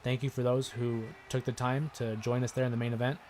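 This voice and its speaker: Excitable man commenting on a live stream. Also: medium pitch, fairly quick, a little hiss or hum. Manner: chatty, excitable, yells at the game. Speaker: gaming livestream host. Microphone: desk microphone with headphones listeners.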